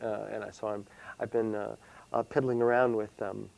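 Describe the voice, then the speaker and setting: A man, a solo performer, answering interview questions in a casual, halting way, full of fillers and restarts. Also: on the low side, little pitch movement, vocal fry, darkish tone, poor audio. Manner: hesitant, many fillers and restarts.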